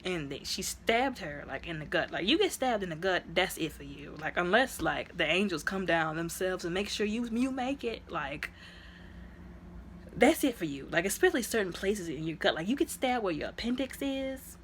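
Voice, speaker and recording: At a moderate pace, a female movie reviewer with a lowish voice rambles through a film summary, leaning heavily on "like" and "you know." The animated, chatty retelling features sudden leaps into high exclamations, over faint, barely noticeable background noise.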